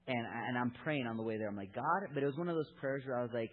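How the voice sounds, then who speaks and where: A man's voice: mid-range voice, lively intonation, rapid-fire. A man in his thirties giving an earnest, candid sermon to fathers, telling stories from his own family. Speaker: preacher at a church gathering for fathers. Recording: tinny phone-like lo-fi recording.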